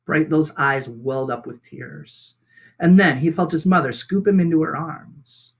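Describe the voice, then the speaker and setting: A man reading a children's book aloud with expressive storytelling. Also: a little high, a little slow, creaky. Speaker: reader.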